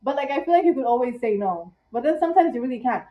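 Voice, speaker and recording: A tired young woman vlogging casually in one take, chatty and dramatic, with squeaky rhetorical questions. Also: expressive, fast talker. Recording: echoey room, distant, dull mic.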